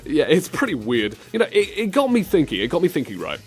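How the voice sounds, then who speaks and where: Animated man hosting a podcast. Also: on the high side, quick pace, breathy edge, faint music behind. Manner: animated, slips into silly impressions. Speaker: podcast host. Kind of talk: comedic podcast chat.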